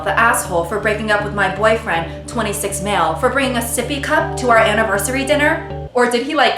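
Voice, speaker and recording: A woman hosting a comedic commentary video, sarcastic and playful in her delivery. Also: mid-range voice. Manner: sarcastic, playful, slips into mock voices. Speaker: YouTube host. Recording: echoey room with faint music.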